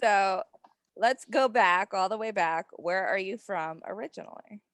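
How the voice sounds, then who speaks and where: A woman's voice: mid-range voice, unhurried, a bit bright, no echo, clean studio sound. A woman from Staten Island, hosting a podcast and chatting in an easygoing, agreeable way. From Staten Island, New York. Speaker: podcast host. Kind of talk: casual podcast chat.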